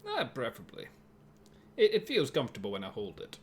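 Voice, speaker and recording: Lively man playing a tabletop game. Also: medium pitch, brisk, a little hiss or hum. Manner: lively, laughing, casual. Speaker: player.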